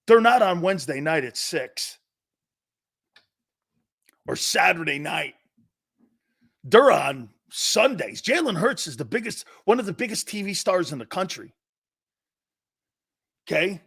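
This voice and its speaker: Forceful, bright-voiced sports talk host. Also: male voice, high voice, gravelly, slightly rough. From northeastern United States. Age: 50s. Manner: animated, joking, quick to laugh. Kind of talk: casual sports talk, reading viewer comments.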